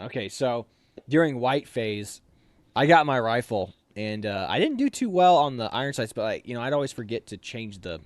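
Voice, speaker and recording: A man's voice: fairly low pitch, dry recording. A young man telling a casual, rambling story as a talk show guest, with many restarts. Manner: rambling, with frequent restarts and fillers.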